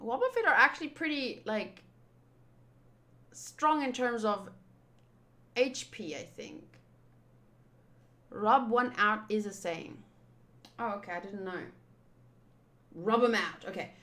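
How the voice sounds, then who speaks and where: A woman's voice: medium pitch, animated, takes it slowly, pauses often, bright, forceful tone. A young woman in her twenties hosting a casual manga readthrough, chatting and reacting as she reads. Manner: chatty, thinks aloud, reacts. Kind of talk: casual reading commentary.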